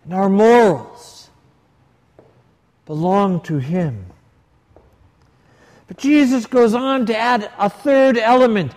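Male priest, unhurried sermon delivery, lively storyteller, echoing church hall. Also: high voice. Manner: storytelling with quoted dialogue, varied emphasis. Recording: long reverb of a large hall.

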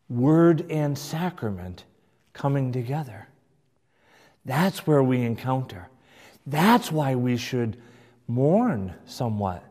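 A man as pastor teaching his congregation in a church, measured and emphatic, often checking in with "right?". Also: mid-range voice, a little mellow. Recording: long hall reverb.

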